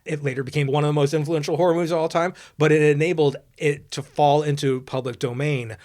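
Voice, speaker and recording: A young man co-hosting a podcast, recapping a movie in casual chat with a wry, profane manner. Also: fairly high pitch. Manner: wry, profane, lapses into mock quoting. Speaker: podcast co-host.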